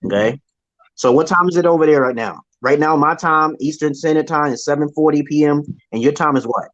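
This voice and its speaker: A man's voice: on the high side, a little fast, fairly bright tone, muffled recording. A man hosting a casual call-in livestream, rambling and crude, with stammering restarts. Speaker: livestream host. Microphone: online stream call.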